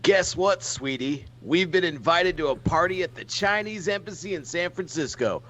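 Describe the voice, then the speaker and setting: A man's voice: sits high, lively intonation, moderate pace, fairly bright tone, low-quality recording. A man putting on a snobbish rich young boyfriend, haughty and sneering, in a comedy read-through.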